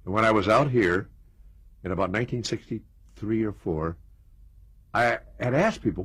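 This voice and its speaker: A man's voice: fairly low pitch, lively intonation, normal speed, long pauses, husky, no room sound. An older American man reminiscing in an interview, telling stories with chuckles and asides. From United States. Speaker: interview guest.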